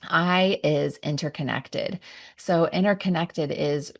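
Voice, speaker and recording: A woman who works as a parenting coach and therapist, giving a gentle, reflective podcast talk that explains each step and pauses to sigh between thoughts. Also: low-pitched.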